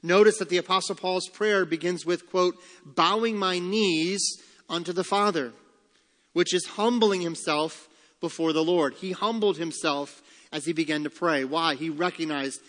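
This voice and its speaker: A pastor preaching a sermon, who slows down and lifts his voice on the key phrases. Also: a little high, fairly even intonation. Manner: emphatic preaching, slowing and rising on key phrases. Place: church sanctuary. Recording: long church hall reverb.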